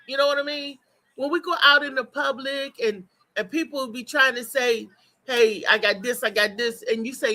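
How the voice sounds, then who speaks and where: A woman's voice: high-pitched, normal speed, sharp tone, poor audio. A woman hosting a morning talk show, chatting casually and bluntly with listeners. She repeats her points for emphasis and swears without holding back. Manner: emphatic and repetitive, talks straight to listeners.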